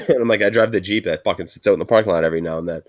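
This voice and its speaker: With a low-sitting voice and a very fast delivery, a man co-hosts a casual podcast. He's a profane storyteller who acts out his coworkers' lines.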